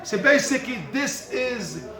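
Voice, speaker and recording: His pitch is extremely high, his delivery animated yet unhurried, and his tone a bit bright. The man is teaching a Torah class at a yeshiva, emphatically repeating his points and addressing students by name. The echoey study hall is crowded with students.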